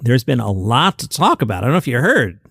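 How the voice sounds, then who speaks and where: A man's voice: medium pitch, very animated, fast, creaky, fairly bright tone, breathy edge, no room sound. A man talking through the day's comedy headlines in a loose, chatty way. He sits at a table by his laptop, and the sound is dry and close with no room around it. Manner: chatty, conversational retelling of stories. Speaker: podcast host. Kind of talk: comedy news podcast, casual solo talk. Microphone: desk mic next to a laptop.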